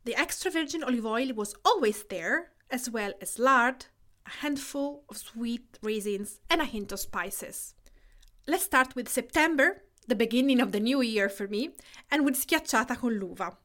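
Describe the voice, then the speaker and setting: A woman from Tuscany with an Italian accent, in her thirties, hosting a cooking podcast in a measured, scripted narration that lists things in short phrases. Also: a little high, lively intonation, a bit bright. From Tuscany, Italy. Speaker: podcast host and cook.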